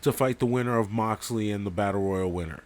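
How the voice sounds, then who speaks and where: A man's voice: on the low side, brisk, darkish tone, slight background noise. A man from New York co-hosting a casual wrestling podcast, joking and laughing often as he talks. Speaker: podcast co-host. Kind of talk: casual chat.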